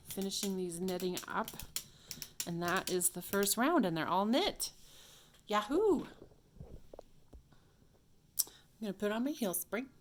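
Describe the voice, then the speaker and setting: A woman's voice: fairly low pitch, slight background noise. A woman at home giving a casual hands-on tutorial, chatting and thinking aloud as she works. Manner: chatty, talks to herself while working, drops to whispers. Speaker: craft video host. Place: home craft room.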